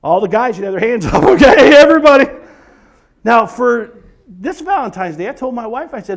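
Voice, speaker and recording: A man in his forties, his very high voice carrying some vocal fry, performs a comedy monologue at a church event at a moderate pace. He's an animated storyteller who acts things out and breaks into sung and screamed bits.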